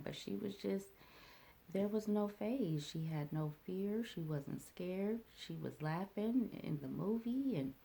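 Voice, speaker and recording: A woman speaks slowly in a low, gravelly voice with a mellow, dark tone. She tells a personal story in a reflective, halting way, pausing on fillers and restarting her sentences. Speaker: vlogger.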